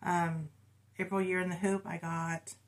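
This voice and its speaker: A woman's voice: lowish voice, flat delivery, a little slow. A middle-aged woman co-hosting a cross-stitch video, chatting casually and reporting her stitch counts with self-deprecating humor. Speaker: co-host of a cross-stitch channel. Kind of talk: casual chat.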